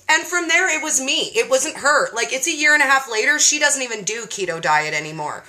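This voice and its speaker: Chatty woman host, kinda high voice, bright, tells stories with lots of play. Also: fairly quick, few pauses. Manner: animated, playful storyteller. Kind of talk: casual storytelling chat.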